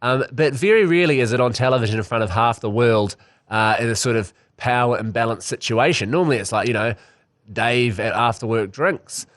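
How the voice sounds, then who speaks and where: A man with a New Zealand accent co-hosting a casual podcast chat with wry, deadpan humour. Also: medium pitch, a little fast, dry recording, clean studio sound. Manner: wry, deadpan jokes, many fillers. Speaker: podcast co-host.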